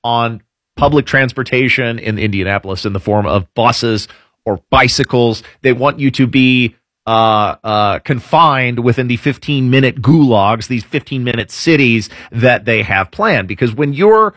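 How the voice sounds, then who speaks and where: A man's voice: medium pitch, unhurried, fairly bright tone, no echo, studio quality. A man hosting opinionated political news commentary, sarcastic and full of hesitant fillers.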